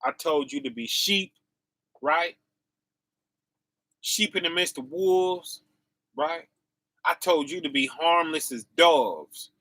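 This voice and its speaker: A man giving an informal sermon in casual slang, leaning on "right?" and "y'all", chuckling to himself and swinging between quiet asides and loud bursts. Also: fairly high pitch, no echo. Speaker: preacher.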